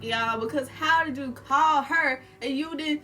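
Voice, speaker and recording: A young adult woman casually telling a story to her viewers, animated and swearing, calling them y'all. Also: high-pitched, normal speed, few pauses, soft background music.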